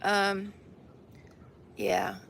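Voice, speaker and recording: A woman's voice: mid-range voice, monotone, very slow, vocal fry, fairly bright tone. A woman chatting casually with her viewers outdoors on a deck, rambling and laughing often. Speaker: livestream host.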